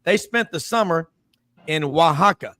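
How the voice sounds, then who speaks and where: A man's voice: a little high, expressive, measured pace, pushed and bright, dry recording. A man hosting a casual sports talk show, telling rambling stories and doing the voices of the people in them. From Memphis, US South. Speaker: host.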